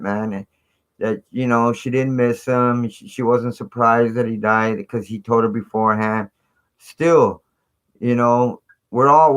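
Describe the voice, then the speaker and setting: A man's voice: mid-range voice, a bit bright. A man hosting a live stream, talking in a rambling, casual way full of fillers and asides. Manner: rambling, filler-heavy, conspiratorial chat.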